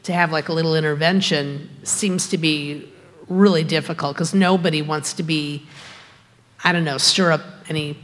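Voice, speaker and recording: A woman's voice: sits low, fairly even intonation, normal speed. A woman sharing thoughts in a group discussion, searching for words as she goes. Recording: long hall reverb.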